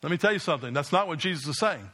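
A man preaching a sermon as pastor, repeating phrases with rising emphasis and dropping his voice low to drive points home. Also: expressive, rapid-fire, pushed and bright.

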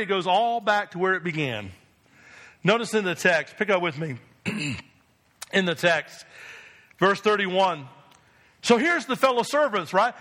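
A man's voice: high voice, bright, forceful tone. A man from New Jersey preaching a sermon as pastor, emphatic and asking the congregation rhetorical questions.

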